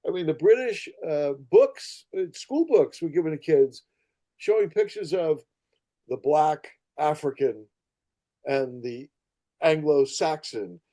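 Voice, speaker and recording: A man of Irish heritage, a guest in a casual talk, speaking in a halting, reflective and wry way. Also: a little high, animated, dark tone. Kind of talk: casual political chat.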